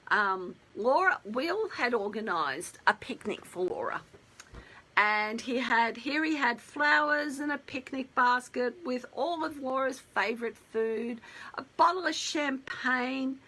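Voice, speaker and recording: Middle-aged woman storyteller, husky and bright, chatty and rambling, slightly high. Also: animated, slow pace, rough recording. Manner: chatty, rambling with asides and restarts. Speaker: wedding planner. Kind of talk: casual storytelling.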